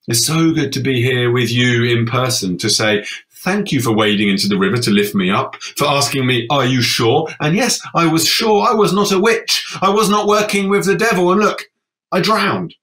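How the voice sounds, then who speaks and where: A man performing his own poetic text on a festival stage, moving from brisk sarcasm to hushed, slow gravity. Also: medium pitch. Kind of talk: dramatic spoken-word performance. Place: festival stage, live audience.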